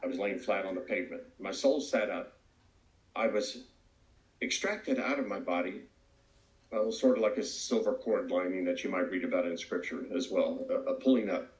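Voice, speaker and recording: A man's voice: deep voice, moderate pace. A man giving an earnest, reflective personal testimony as a recovery speaker. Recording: roomy echo.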